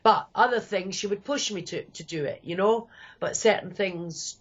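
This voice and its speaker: Husky Scottish woman in her fifties. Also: lowish voice, normal speed, few pauses, lo-fi sound. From Scotland. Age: 50s. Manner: candid, rambling, quotes people. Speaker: guest. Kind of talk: personal storytelling.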